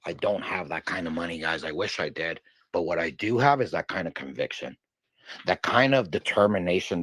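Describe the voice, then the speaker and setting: A man's voice: on the low side, no room sound. Boastful rambling male stream host. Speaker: livestream host. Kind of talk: hyped casual stream talk.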